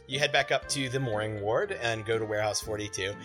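A man narrating a tabletop role-playing game as game master, describing scenes in a relaxed way. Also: on the low side, quick pace, over music.

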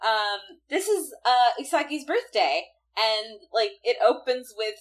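A woman co-hosting a casual podcast, retelling an episode with animated play-acting of the characters' lines. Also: on the high side, measured pace, few pauses. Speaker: podcast co-host. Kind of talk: casual chat recapping an anime.

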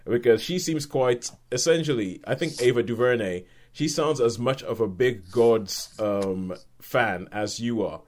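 A man's voice: mid-range voice, unhurried, hardly any pauses. A man hosting a casual film review podcast, playful and jokey and often laughing. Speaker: podcast host.

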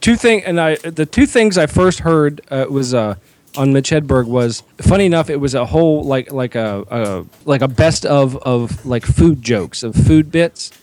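A man's voice: medium pitch, animated, moderate pace, darkish tone, dry recording. A man co-hosting a comedy podcast, animatedly retelling comedians' jokes in casual chat.

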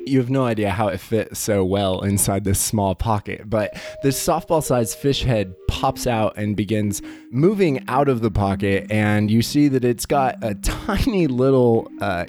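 Animated man narrating a tabletop game. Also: mid-range voice. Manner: animated, loose, with fillers and giggles. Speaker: game master.

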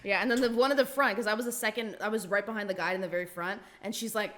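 A woman's voice: medium pitch, steady tone, very fast, a bit bright. A woman in casual chat who laughs often and chimes in with short agreements.

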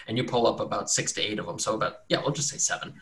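A man's voice: fairly low pitch, very fast, vocal fry, fairly bright tone. A man narrating as game master in an easygoing, rambling way, with frequent fillers.

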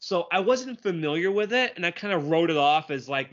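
A man co-hosting a cartoon podcast, recapping an episode with enthusiasm and quick quoted lines. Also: fairly high pitch, lively intonation. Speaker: podcast co-host. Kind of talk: casual chat. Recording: dull lo-fi sound.

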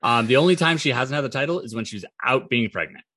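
A man's voice: medium pitch, lively intonation, fast, fairly bright tone, breathy edge, dry recording. A man co-hosting a casual wrestling chat, swearing freely and restarting his sentences. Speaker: podcast co-host.

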